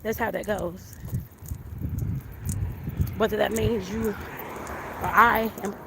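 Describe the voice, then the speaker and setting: A woman's voice: mid-range voice, fairly even intonation, takes it slowly, vocal fry. A woman talking casually while walking outdoors, a little out of breath, rambling and repeating herself as she vlogs about her home business. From southern Arizona. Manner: rambling, repeats "like I said" and "I guess I put it that way". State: slightly out of breath. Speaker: vlogger, home baker and life coach. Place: outdoors on a hot sunny street. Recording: loud street and wind noise.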